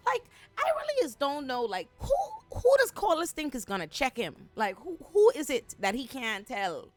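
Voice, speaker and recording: A woman hosting a comedic episode recap, talking in an animated, slangy, profane way. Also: high voice, normal speed, dry recording. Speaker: show recap host.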